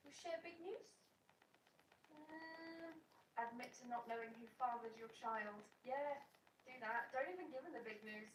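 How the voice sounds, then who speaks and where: Brief: woman, high voice, cheeky and crude game commentary, distant mic in a roomy space with background noise. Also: a little slow. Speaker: streamer. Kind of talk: casual gameplay commentary.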